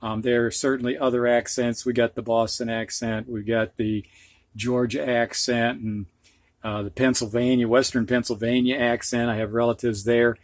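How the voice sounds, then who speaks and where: A middle-aged reading teacher with a Midwestern US accent, as heard in Ohio or Michigan, leads a phonics lesson, patiently saying each word twice. His mid-range voice keeps a level tone at normal speed, with no room sound.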